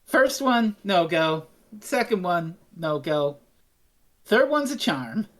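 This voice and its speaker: A woman's voice: fairly low pitch, very animated, takes it slowly. A woman co-hosting a podcast, retelling an episode in casual, sarcastic chat and acting out the quotes. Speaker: podcast co-host.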